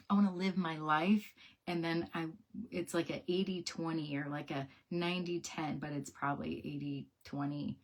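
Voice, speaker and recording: A young woman talking casually to camera, answering viewer questions about a product in a chatty, upbeat way with quick laughs and repeated words. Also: deep voice, steady tone. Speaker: wellness product seller.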